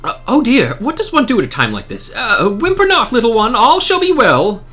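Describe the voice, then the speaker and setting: A man's voice: very high-pitched, wildly swooping pitch, moderate pace, sharp tone, husky, faint music behind, pitched above the performer's own voice, heavily acted. A man voicing an earnest young male scholar from a game who talks in formal, old-fashioned phrasing.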